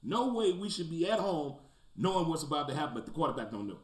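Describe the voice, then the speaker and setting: A sports talk show host rants animatedly about football, talking fast and swinging from loud outbursts to low mutters. The casual commentary was recorded with a roomy echo and faint background noise.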